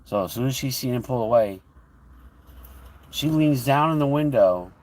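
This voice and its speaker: A man's voice: mid-range voice, expressive, moderate pace, darkish tone, distant mic. A man telling a heated personal story on a livestream, swearing freely as he goes. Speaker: livestream host.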